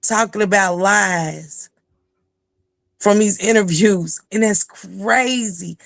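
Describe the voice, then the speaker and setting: A woman's voice: medium pitch, slow pace, gravelly, fairly bright tone, no room sound, studio quality. A woman calling in as a livestream guest, chatting casually in a rambling way with lots of fillers. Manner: rambling, with many restarts and fillers. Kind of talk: casual call-in commentary.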